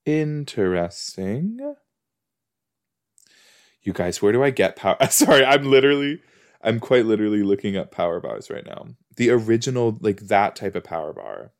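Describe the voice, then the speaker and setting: In a lowish voice with lively intonation, a man talks fairly quickly while watching a TV episode from his couch indoors. His casual reactions ramble, wander off track and keep breaking into exclamations.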